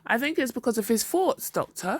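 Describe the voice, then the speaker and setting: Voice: mid-range voice, sing-song, a little fast, no echo, clean studio sound, voice pushed up. A reader voicing a cheerful, pious wife who talks sweetly and patronizingly about her husband, in a storybook reading. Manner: bright, sweetly chiding.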